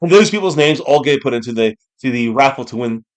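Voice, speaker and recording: A man hosting a live football watch-party stream, reacting to plays with excitement and frequent swearing. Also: medium pitch, fast talker. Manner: excitable, swears freely, shouts on big plays.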